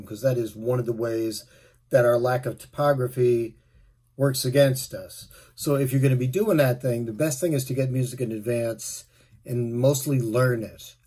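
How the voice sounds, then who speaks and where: A middle-aged man, a musician, giving relaxed, rambling tips on playing his instrument. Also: medium pitch, slightly rough. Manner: relaxed, rambling, with fillers and asides. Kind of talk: casual spoken tip video.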